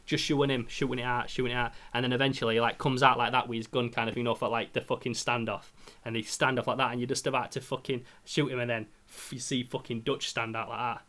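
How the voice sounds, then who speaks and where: A man's voice: mid-range voice, level tone, fast talker, a bit bright. A young man, retelling a game plot in casual podcast chat, swearing often and mimicking gunfire. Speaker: podcast host.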